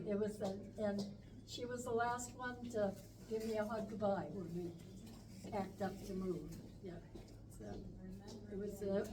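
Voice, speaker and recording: A woman sharing fond memories of an old friend at a memorial, rambling and halting, with fond laughter. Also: mid-range voice. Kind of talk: memorial speech, casual reminiscing. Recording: distant mic with clear background noise.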